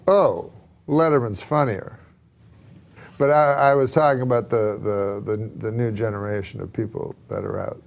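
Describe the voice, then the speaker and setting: Deadpan male comedian in an interview. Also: on the low side, moderate pace, creaky. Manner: dry, hesitant deadpan delivery. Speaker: comedian guest.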